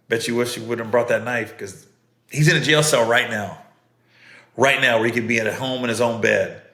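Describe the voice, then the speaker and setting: A man's voice: medium pitch, gravelly, bright, forceful tone. A middle-aged man hosting a podcast, telling stories in a casual, earnest way that often repeats itself. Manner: conversational, repeats himself, earnest. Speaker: podcast host. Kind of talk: casual storytelling monologue. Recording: roomy echo.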